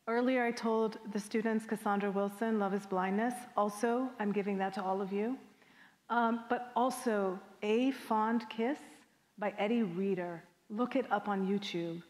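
A middle-aged woman from Jamaica answering an audience question as a guest poet, candid and animated, laughing often. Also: mid-range voice. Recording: long reverb of a lecture hall.

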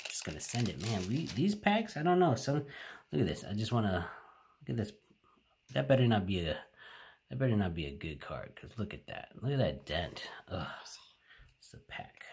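Deep-voiced man hyping card pulls. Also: normal speed. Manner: excitable, chatty, talks straight to viewers. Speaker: card-opening channel host. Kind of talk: casual card-opening vlog. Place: home. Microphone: home camera setup.

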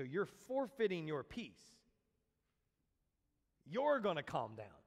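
A man preaching a sermon as a pastor, animated, acting out quoted voices and speaking directly to his congregation. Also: on the high side, slow, creaky, long pauses. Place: church sanctuary. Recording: long church reverb.

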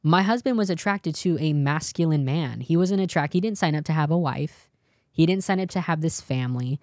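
This interview guest, a young Californian woman, talks a little fast in a low, darkish voice, with no echo on the clean studio audio. Earnest throughout, she recounts her testimony by voicing the lines of the people involved.

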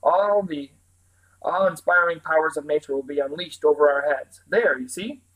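A man's voice: on the high side, moderate pace, a bit bright, close to an everyday voice, low-quality recording. A man voicing a cheerful, pompous male scarecrow who is eager about everything in a storybook reading. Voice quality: grand, enthusiastic, oblivious to danger. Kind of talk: storybook read-aloud.

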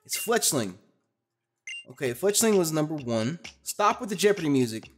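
A young adult commentating a Pokémon Let's Play, loud, profane and animated, with a desk mic and facecam. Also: medium pitch, moderate pace, a little hiss or hum. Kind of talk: gaming commentary.

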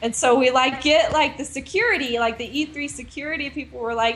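A woman game designer telling a casual story as a guest, animated and full of "like" fillers. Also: high-pitched, a little fast, few pauses. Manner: animated, heavy use of "like" fillers.

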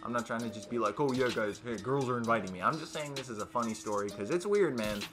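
A teenage boy telling a storytime vlog in a casual, rambling way, with many fillers and restarts, getting loud when quoting his friends. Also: medium pitch, quick pace, over music. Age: teens. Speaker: YouTuber.

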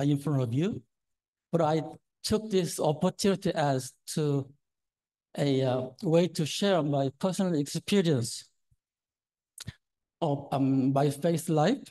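A man's voice: a little high, mellow, rough recording. A man in his sixties preaching a sermon as a lay preacher, nervous and hesitant with many fillers and a trembling voice. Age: 60s.

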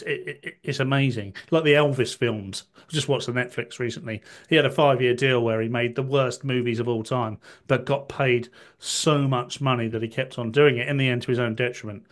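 A man talking as a guest on a political podcast, hesitant and full of restarts, with wry asides. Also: mid-range voice.

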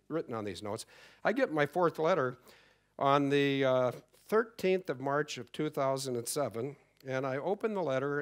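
A middle-aged man telling a story to a conference audience, acting out the exchanges he quotes. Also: medium pitch. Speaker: conference speaker. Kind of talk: conference talk. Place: conference hall.

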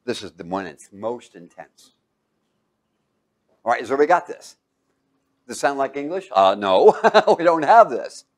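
A man's voice: mid-range voice, sing-song, unhurried, long pauses. A man teaching a Bible class, quizzing his students with fill-in questions and breaking into sudden exclamations.

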